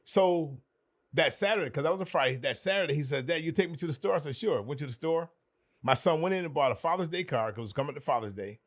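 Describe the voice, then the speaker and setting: A man's voice: a little high, animated, fast. A man, a podcast guest, telling an earnest personal story with emphatic repetition.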